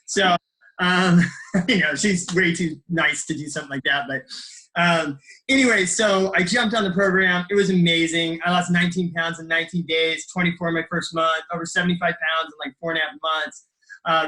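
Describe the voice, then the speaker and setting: A man's voice: fairly high pitch, steady tone, a little fast, sharp tone, rough recording. A middle-aged man giving an enthusiastic motivational talk on a group call about his coaching business, rambling with fillers and restarts. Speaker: health coach sharing his story.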